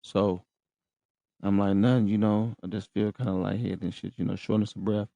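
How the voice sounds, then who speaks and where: A low-pitched man with a gravelly, creaky voice tells a story on his podcast. His talk is slangy and profane, and he keeps checking in with his listeners. The sound is dry and close. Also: flat delivery, moderate pace, mellow, no room sound. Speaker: podcast host. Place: room in a rehab center.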